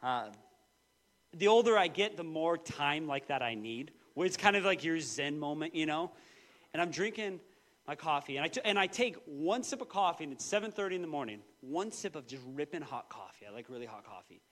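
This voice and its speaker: A man in his thirties preaching a sermon, telling personal stories with lively, acted-out quotes. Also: fairly quick. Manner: animated storytelling, quoting voices with big pitch jumps. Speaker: pastor.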